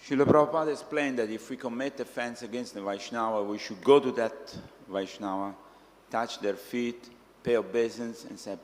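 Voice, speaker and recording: A man's voice: medium pitch, moderate pace. Man teaching in a reverberant hall. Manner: earnest storytelling, acting out quoted voices. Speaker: speaker. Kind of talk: scriptural class answering questions.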